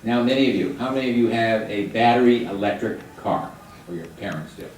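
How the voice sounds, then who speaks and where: An older man giving a guest lecture to high school students, chatty and joking as he quizzes the room. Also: brisk, a little mellow, slight background noise. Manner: chatty, jokey, quizzes the audience. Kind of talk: classroom lecture with questions to students. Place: high school hall or classroom. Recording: echoey room, mic at a distance.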